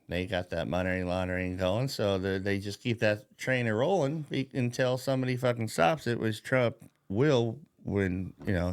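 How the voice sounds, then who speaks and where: Give me a mocking, foul-mouthed man of middle pitch who rambles and chuckles at himself while ranting on a podcast. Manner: profane, rambling, laughs at his own jokes. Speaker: podcast host. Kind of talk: casual political rant.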